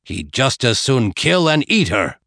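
A man's voice: medium pitch, very animated, unhurried, creaky, a bit bright, dry recording, studio quality, heavily acted. A man voicing a stern old herdsman in his sixties who talks in a growling, scolding way, in an audiobook. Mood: angry. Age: 60s. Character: stern old male grassland herdsman, gruff.

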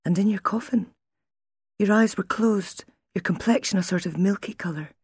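A woman reading an audiobook, voicing a frightened young wife with a hoarse, shaky, breathless voice, raised in pitch and sometimes whispered. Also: normal speed, darkish tone, no echo, clean studio sound, natural voice. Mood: fearful. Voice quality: hoarse, strained. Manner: shaky, breathless, near tears.

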